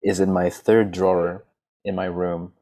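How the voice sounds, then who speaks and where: A man's voice: low-pitched, flat delivery, measured pace, creaky, mellow. A young man from Australia with a slightly American accent, co-hosting a podcast in a chatty, jokey storytelling way. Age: young adult. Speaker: podcast co-host. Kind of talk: casual chat.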